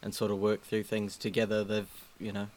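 Lower-pitched male co-host, measured and hesitant in a book chat. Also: monotone, a little mellow. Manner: thoughtful, hesitant with fillers. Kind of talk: casual book discussion.

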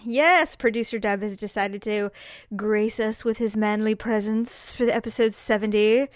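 A woman's voice: mid-range voice, steady tone, normal speed, clear, resonant tone, no echo, studio quality. A woman hosting a podcast in casual chat, goofy and prone to silly voices. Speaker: podcast host.

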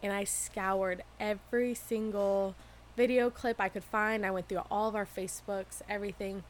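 Woman on a podcast, casual chat, talks openly and laughs a lot, medium pitch. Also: steady tone, moderate pace, slight background noise. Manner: candid storytelling, laughs often. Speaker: podcast co-host.

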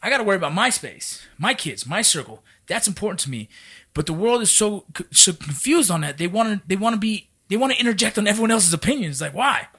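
A man's voice: high voice, big pitch swings, quick pace, fairly bright tone, husky. A man who is a military veteran, talking in a casual podcast conversation in a profane, emphatic, fired-up way.

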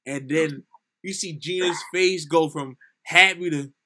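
A man's voice: a little high, a little slow, bright, forceful tone. A young man co-hosting a casual film review podcast, animatedly retelling scenes and acting out lines. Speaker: podcast co-host.

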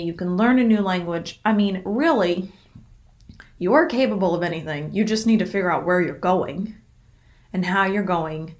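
Chatty, upbeat young woman podcast host. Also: mid-range voice. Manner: chatty, upbeat and encouraging, with frequent "like" and casual swearing. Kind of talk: casual motivational solo talk.

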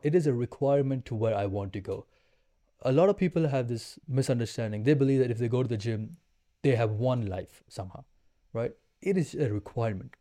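A man's voice: a little high, dark tone. A man in his twenties, a podcast guest, talking in an intense, emphatic, slangy way. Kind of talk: casual chat.

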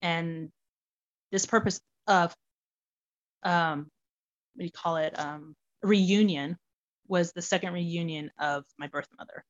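A woman telling her personal story as an interview guest, animated and full of fillers like "like". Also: fairly low pitch, takes it slowly, pauses often, highs cut off. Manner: animated, many fillers such as "like".

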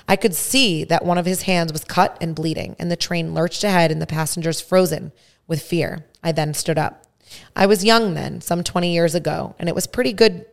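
Low, gravelly woman reading a story. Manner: measured, first-person storytelling. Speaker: podcast host.

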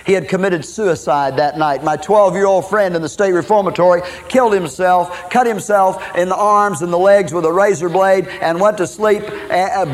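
High-voiced preacher telling his testimony. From Minnesota. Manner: folksy, dramatic, peppers talk with "man" and "okay". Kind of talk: sermon testimony.

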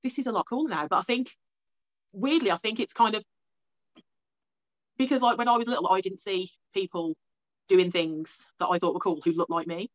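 A woman's voice: mid-range voice, steady tone, moderate pace, long pauses, no echo, lo-fi sound. A woman, a strongwoman athlete chatting as a podcast guest, with lots of "like" and "kind of". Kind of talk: casual podcast conversation.

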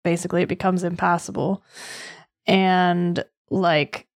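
A woman's voice: fairly low pitch, little pitch movement, a little slow, no echo, studio quality. An American woman co-hosting a true-crime podcast, chatting casually with jokey asides. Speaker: podcast co-host.

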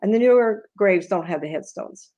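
An older woman in a casual chat, once a cemetery tour guide, explaining things plainly with lively interjections. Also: mid-range voice, normal speed, dull audio.

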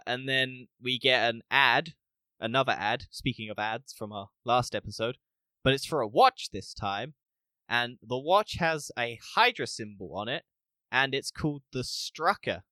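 A man co-hosting a casual podcast review, animated, acting out scenes and laughing often. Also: medium pitch, unhurried, dry recording. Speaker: podcast co-host. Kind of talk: casual spoiler review chat.

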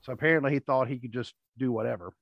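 A man's voice: mid-range voice, very fast, no room sound. A man hosting a casual chat, rambling through stories and acting out what people said. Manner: rambling storyteller, acts out quotes. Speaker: podcast host. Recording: dull lo-fi dry audio.

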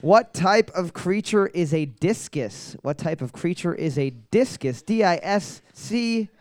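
A young man hosting a casual trivia night, reading each question slowly twice and tossing in joking asides. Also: high voice, animated, a little mellow, dry recording, studio quality. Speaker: trivia host.

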